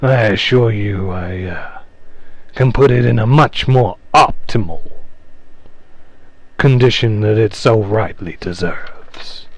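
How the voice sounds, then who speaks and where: A man's voice: on the low side, no room sound. A man voicing a falsely polite warforged. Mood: polite, cold. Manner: formal, unhurried, falsely polite. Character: courteous, menacing male warforged construct.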